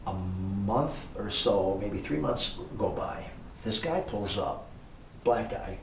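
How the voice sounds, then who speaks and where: Slow-paced with a lowish voice, lively intonation, and vocal fry, an older former motel owner rambles through anecdotes full of fillers. It's a casual interview, recorded in an echoey room on a distant mic with faint hiss.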